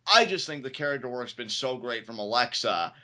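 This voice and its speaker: Animated bright-voiced podcast man. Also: brisk. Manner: animated, acts out quotes in high voices. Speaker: podcast co-host. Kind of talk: casual chat.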